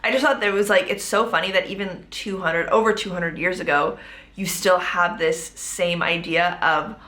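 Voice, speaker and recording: A woman's voice: lowish voice, steady tone, moderate pace, pushed and bright. Chatty woman podcaster, roomy sound. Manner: chatty, fills speech with "like". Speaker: podcast host. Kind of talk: casual storytime podcast. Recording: roomy echo.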